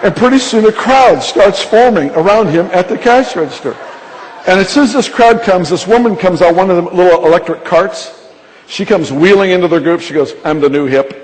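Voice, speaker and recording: A man preaching a sermon, telling a lively, humorous story to a congregation from a stage microphone. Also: high-pitched, moderate pace. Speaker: pastor. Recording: reverberant large hall with faint noise.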